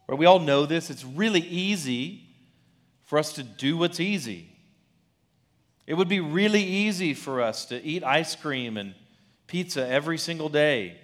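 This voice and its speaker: A man preaching an expository sermon in a conversational way, often checking in with "right?". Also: a little high. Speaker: pastor.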